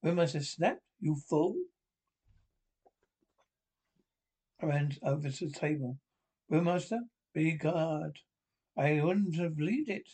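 An obsessive mad scientist for an old-time radio drama, domineering and excitable. His voice sits high for a man, and he barks orders at his assistant in a commanding tone. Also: measured pace, slightly rough. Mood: excited. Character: obsessive domineering male scientist, middle-aged. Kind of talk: 1930s radio acting.

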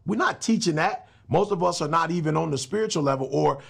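A man's voice: on the high side, fast, gravelly, a bit bright, slightly rough. A middle-aged man, a motivational speaker and pastor, talking as a guest in an emphatic, slangy, preacher-like way. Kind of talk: casual interview talk.

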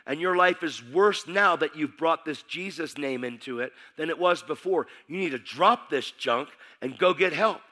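A man's voice: on the high side, animated, fairly quick, bright, forceful tone. A man voicing a skeptical male friend who scoffingly argues against faith.

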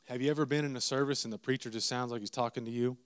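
A man, preaching a sermon as a lively, self-mocking story with asides to the congregation. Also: medium pitch, very fast, clean tone.

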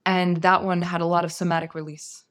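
A woman, a guest on an interview show, telling a personal story in a soft, unhurried, earnest way. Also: fairly low pitch, flat delivery.

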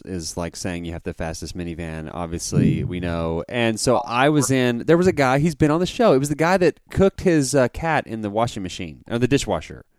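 A man's voice: lowish voice, darkish tone, no echo, studio quality. A man hosting a podcast in casual chat, playful, laughing a lot and often restarting his sentences. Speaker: podcast host.

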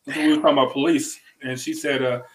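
A man's voice: medium pitch, level tone, fast talker, rough recording. A man co-hosting a podcast in casual chat, loose and repetitive, full of fillers. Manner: loose, repeats phrases, lots of fillers. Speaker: podcast co-host.

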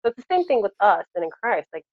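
A woman's voice: mid-range voice, big pitch swings, fast, no room sound, muffled recording. A woman co-hosting a casual faith podcast chat, talking passionately and animatedly with many fillers like "you know.".

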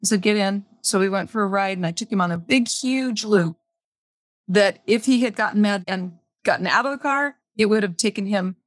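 A woman's voice: medium pitch, normal speed, dry recording. Candid woman telling a personal story. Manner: candid, plain-spoken, repeats phrases for emphasis. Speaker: podcast guest.

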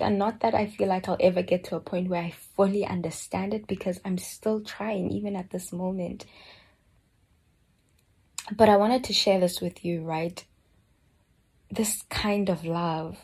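A woman giving a slow, earnest personal reflection on a Bible book, often dropping to a soft near-whisper. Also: on the low side, fairly even intonation, husky. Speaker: Bible study speaker.

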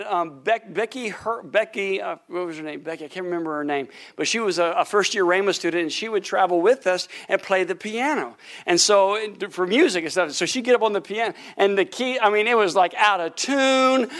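A middle-aged man, a pastor, telling animated stories from the pulpit during a sermon, breaking into laughter and shouts at the punchlines. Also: high voice. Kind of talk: sermon storytelling. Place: church sanctuary.

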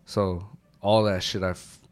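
A male army veteran, a podcast guest, telling a war story in casual chat, swearing freely and breaking into sudden shouted bursts. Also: deep voice, measured pace, smooth. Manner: profane, animated retelling with shouted bursts.

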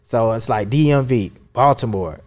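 A man's voice: mid-range voice, moderate pace, a little mellow. A man from Georgia with a Southern accent, a guest casually telling stories in a slangy, laid-back way. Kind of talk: casual conversational storytelling.

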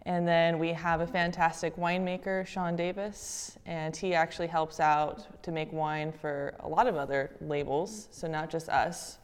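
A woman guest talking warmly about a winery, enthusiastic and chatty. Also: low-pitched, steady tone, normal speed, few pauses, smooth, long reverb tail. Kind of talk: casual chat.

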